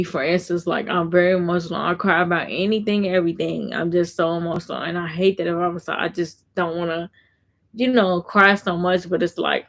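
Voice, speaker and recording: Woman vlogger, gravelly fry in her voice, rambling live-stream chat full of fillers. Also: on the low side. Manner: rambling and repetitive, heavy fillers.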